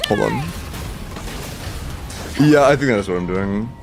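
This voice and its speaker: A young man on a live game stream, muttering and cursing at himself as he works through a combo. His pitch jumps around a lot as he talks. Faint music plays under his voice. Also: animated, takes it slowly, gravelly. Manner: frustrated, swearing, self-talk.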